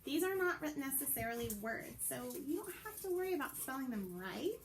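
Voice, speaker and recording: A woman teaching young children to sound out letters from her home, talking slowly in a sing-song teacher's voice. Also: high voice, very animated, slight background noise. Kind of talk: remote phonics lesson for young children. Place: her home, with pets around.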